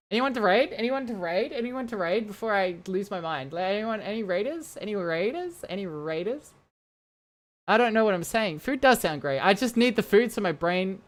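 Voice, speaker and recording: Playful rambling young woman streamer. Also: mid-range voice. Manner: playful, rambling, talks to chat. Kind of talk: casual live-stream chat. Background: faint music.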